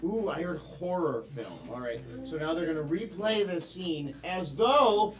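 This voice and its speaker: A man's voice: fairly high pitch, expressive, a little slow. A man hosting a live improv comedy show, upbeat and chatty, taking suggestions from the audience. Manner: upbeat, prompts audience with fillers. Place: comedy theater stage. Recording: echoey stage mic from far off.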